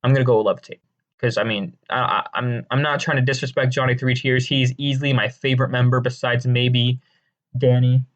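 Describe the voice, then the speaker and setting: Rambling deadpan man on a lo-fi mic. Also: medium pitch, brisk. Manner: rambling, deadpan, crude jokes, many fillers and restarts. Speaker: video creator ranking songs. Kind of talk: casual comedic commentary.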